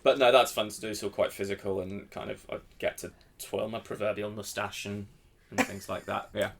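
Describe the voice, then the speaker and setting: A man actor chats about his stage roles in a deep, gravelly voice. He sounds relaxed and laughs easily, with a faint noise running behind him. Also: brisk. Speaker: actor in the company. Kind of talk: casual podcast chat.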